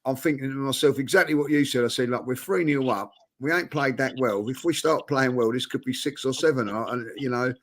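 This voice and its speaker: A man's voice: medium pitch, brisk, hardly any pauses. A man, tired out, chatting bluntly and animatedly about football as co-host. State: exhausted. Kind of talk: casual football chat.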